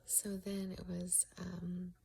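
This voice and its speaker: A woman telling a long story casually, often dropping into a soft whisper and pausing with halting fillers. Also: fairly low pitch, monotone, vocal fry, slight background noise.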